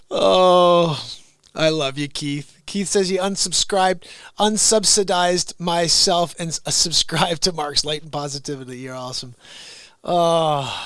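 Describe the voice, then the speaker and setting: Excitable and playful, a middle-aged livestreamer chats with viewers in a high-pitched voice, ranting for comic effect and lurching from whispers to shouts. There is no room sound in this animated stream.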